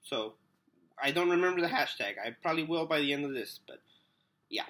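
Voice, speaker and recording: A man's voice: on the high side, expressive, brisk, fairly bright tone. A man with a cold vlogging an unboxing in a loopy, rambling way. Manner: loopy and rambling, trails off, hums to himself. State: sick with a cold. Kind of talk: casual unboxing vlog.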